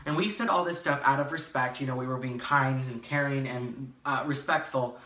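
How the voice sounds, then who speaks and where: A young man telling a casual storytime vlog from his bedroom, rambling and animated, full of fillers and restarts. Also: mid-range voice, moderate pace. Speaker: vlogger. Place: his bedroom, in front of a green screen. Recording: echoey room, slightly far from mic.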